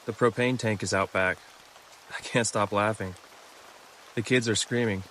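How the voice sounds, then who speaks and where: Low-voiced man narrating scary stories. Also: steady tone, a bit bright, a little hiss or hum, rough recording. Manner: measured, low-key storytelling. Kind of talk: scripted horror story narration. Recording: music clearly behind the voice.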